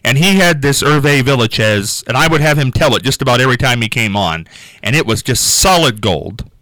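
A man hosting a radio show, telling an anecdote in a casual, animated way and laughing as he goes. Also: mid-range voice, fairly quick, dry recording, poor audio. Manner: animated, laughs through his stories. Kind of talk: casual storytelling chat.

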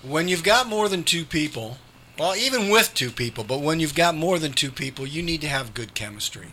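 A man's voice: a little high, lively intonation, a little fast, pushed and bright, a little hiss or hum. A man who is a pastor, co-hosting a radio talk show and chatting casually and agreeably. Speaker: pastor and co-host.

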